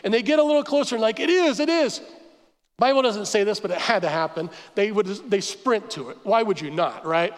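A man preaching a sermon as pastor, telling the story with animated asides and acting out the crowd's complaints. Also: sits high, a little fast, hardly any pauses. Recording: church hall reverb.

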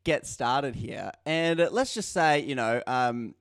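A man's voice: medium pitch, lively intonation, slow, vocal fry, fairly bright tone, clear, resonant tone, no echo, studio quality. An Australian man hosting a podcast interview, chatting casually and jokingly, slipping into playful role-play. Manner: jokey, rambling, drops into playful role-play. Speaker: podcast host.

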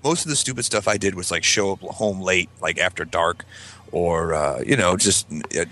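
A man's voice: deep voice, normal speed. A man telling rambling stories in a casual podcast chat. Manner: rambling, restarts, animated impressions. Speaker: podcast co-host.

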